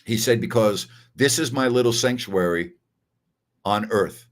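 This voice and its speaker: A man's voice: on the low side, unhurried. An older man hosting a sports talk show, chatting casually and telling stories while repeating phrases for emphasis. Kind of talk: casual live-stream chat.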